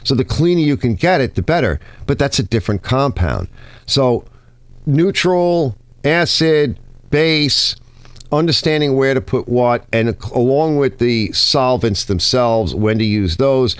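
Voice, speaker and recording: A man at his garage workbench talking shop in a blunt, casual way, swearing now and then. His pitch swings up and down a lot as he explains. The sound is dry and close to the mic. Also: animated, a little slow, clear, resonant tone, dry recording. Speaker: garage channel host. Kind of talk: casual hands-on shop talk. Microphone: close mic he sometimes bumps.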